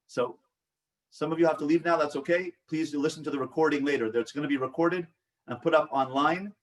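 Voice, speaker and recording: A rabbi teaching a support group, with a slightly high voice that comes from some distance away from the mic. He coaches the listeners, poses questions to them, and acts out the responses they could give. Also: brisk. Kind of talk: teaching a live online group session.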